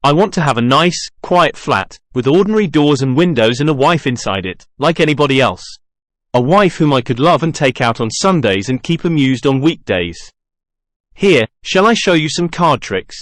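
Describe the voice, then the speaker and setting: A man's voice: on the high side, animated, moderate pace, dry recording, studio quality, lightly acted. A man reading the part of a masked, lonely male genius, by turns brooding and boastful in a theatrical way. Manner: theatrical, wheedling then boastful.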